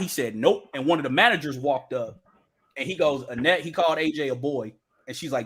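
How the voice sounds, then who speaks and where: A young man co-hosting a podcast, telling stories in a loud, profane, laughing casual chat. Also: a little high, quick pace, slightly rough. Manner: animated storytelling, profane, laughing. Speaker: podcast co-host.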